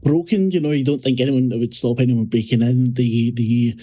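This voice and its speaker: Brief: male game master, relaxed descriptive narration, mellow mid-pitched voice. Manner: relaxed, descriptive, pauses with fillers.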